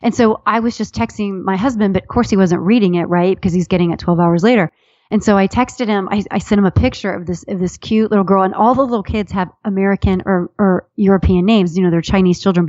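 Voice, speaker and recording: A woman author and comedian telling a self-deprecating story in a casual interview, chatty and animated, often restarting her sentences. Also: mid-range voice, no room sound, dull audio.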